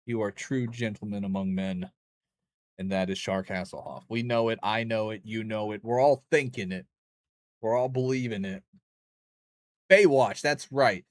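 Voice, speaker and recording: A man's voice: on the low side, no echo. A young man streaming a game, rambling and joking with chat in a loose, crude way. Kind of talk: casual gaming stream chat.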